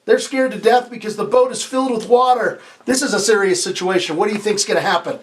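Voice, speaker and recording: Speaking fast in a high register, a man reads a picture book to children as a pastor leading story time. His delivery is playful and expressive; he stops to quiz the kids, gets them to echo lines, and now and then trips up and starts over.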